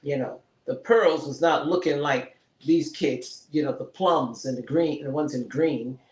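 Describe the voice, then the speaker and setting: Animated man retelling a TV episode. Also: on the high side, unhurried. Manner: animated, retells scenes and acts out the characters' lines. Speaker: podcast co-host reviewing a TV episode. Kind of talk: casual review chat. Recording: roomy echo.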